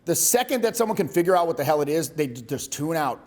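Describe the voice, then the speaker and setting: A man's voice: a little high, sing-song, fast talker, a little mellow. A man coaching a live workshop on voice and presence, talking bluntly and casually, with frequent swearing. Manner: blunt, profane, conversational.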